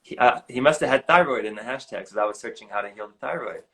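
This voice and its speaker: A man in his forties telling a personal story in an earnest, animated way, often saying "like", recorded over a live video stream. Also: medium pitch, fast, vocal fry, poor audio. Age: 40s. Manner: earnest, animated, heavy use of "like". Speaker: guest. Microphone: live video stream on a phone or computer.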